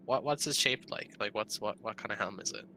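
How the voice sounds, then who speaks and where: A man playing a tabletop game, speaking hesitantly and filling pauses with "uh". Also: on the low side, bright, forceful tone, faint music behind, rough recording. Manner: hesitant, full of fillers. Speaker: player. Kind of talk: casual tabletop play.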